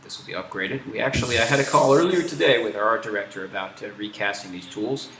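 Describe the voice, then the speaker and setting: A man's voice: lowish voice, quick pace, pushed and bright, roomy sound, slight background noise. An American man hosting a game livestream, teasing his co-host and explaining the game's features. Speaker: game developer hosting a stream. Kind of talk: casual livestream chat.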